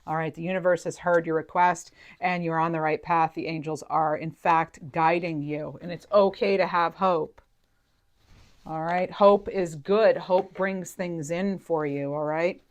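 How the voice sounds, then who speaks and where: Low-voiced woman giving a chatty tarot reading. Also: steady tone, measured pace. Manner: chatty, emotional, thinks aloud with many fillers. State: near tears at moments. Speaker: tarot reader. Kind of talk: intuitive tarot reading to camera.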